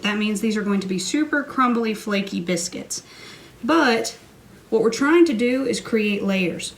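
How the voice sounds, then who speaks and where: A woman's voice: on the high side, slight background noise, low-quality recording. A woman giving a cooking tutorial in her home kitchen, with playful, self-mocking asides. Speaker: cooking vlogger.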